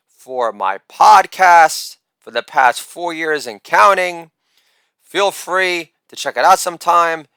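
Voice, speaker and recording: A middle-aged man performing a boastful, theatrical stand-up comedy monologue with shouted catchphrases. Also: a little high, clear, resonant tone, no echo, studio quality.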